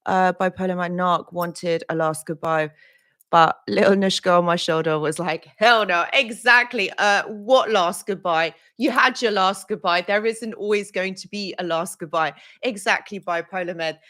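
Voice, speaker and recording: A woman's voice: on the low side, moderate pace, a bit bright. A woman hosting a casual live stream as a relationship coach, flustered and effusive, greeting viewers by name.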